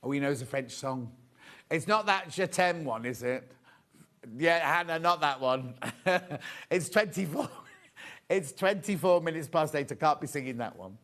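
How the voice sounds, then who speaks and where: A man's voice: on the high side, expressive, measured pace, a bit bright. A man presenting a live shopping show, with cheerful, chatty sales patter and asides to the crew behind the camera. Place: TV studio.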